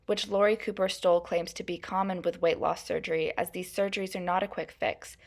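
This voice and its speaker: With a voice on the low side, a young adult woman reads through her class presentation as a student. The reading is measured and even, sprinkled often with hedges.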